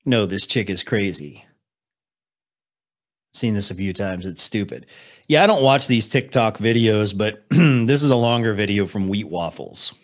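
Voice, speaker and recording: A man's voice: fairly low pitch, expressive, unhurried. A young man hosting a live stream, reacting to videos with dry, sarcastic remarks and reading out chat. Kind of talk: casual live-stream commentary.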